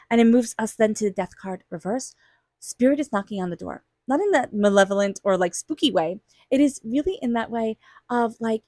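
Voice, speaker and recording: A woman's voice: on the high side, a little fast, gravelly, warm tone, dry recording, studio quality. A woman giving a weekly tarot reading in a chatty way, often acting out quoted thoughts. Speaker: tarot reader.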